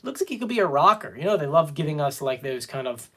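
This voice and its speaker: A man's voice: on the high side, big pitch swings, quick pace, sharp tone. A man hosting a casual live stream, chatting and reading viewer comments aloud. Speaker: fan show host.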